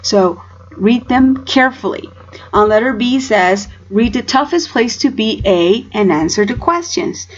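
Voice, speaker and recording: A woman's voice: a little high, animated, a little slow, lo-fi sound. A woman teaching English in a recorded home lesson. She explains step by step and often checks in with "okay?".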